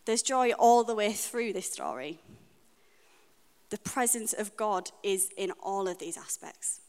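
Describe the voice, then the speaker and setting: A woman with a British accent giving a sermon in a church, speaking in an earnest, personal and reflective way with frequent pauses. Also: mid-range voice, lively intonation, a little mellow. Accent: British English. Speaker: preacher. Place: church hall. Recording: long reverb of a church hall.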